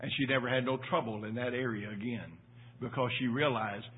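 An older pastor addresses his church congregation at a fairly quick pace in a steady, husky tone, building to loud emphatic peaks before dropping into quiet, low asides. He repeats phrases for emphasis and checks in with the room often. The sound comes through tinny, as if over a phone.

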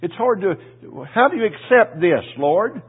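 Guy preaching, folksy and emotional, kinda raspy, sounds like it's on a phone line. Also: high-pitched, sing-song, measured pace. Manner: folksy, emotional storytelling with crowd asides. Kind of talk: sermon. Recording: tinny phone-like audio.

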